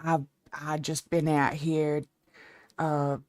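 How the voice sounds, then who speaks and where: A woman voicing a boastful, swaggering cowboy man with a slow, deliberate drawl. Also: sits low, little pitch movement, darkish tone, no room sound, studio quality.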